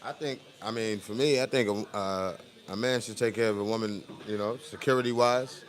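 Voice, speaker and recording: A man's voice: fairly low pitch, fairly even intonation, normal speed. A man talking as a podcast guest in a barbershop, laid-back and hesitant, full of fillers. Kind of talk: casual chat.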